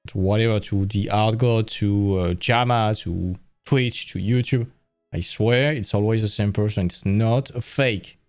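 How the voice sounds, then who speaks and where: A man's voice: lowish voice, measured pace, a little mellow, soft background music. A tired man hosting an art stream, talking casually and correcting himself as he goes. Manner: rambling, self-correcting, conversational. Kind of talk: casual live-stream talk.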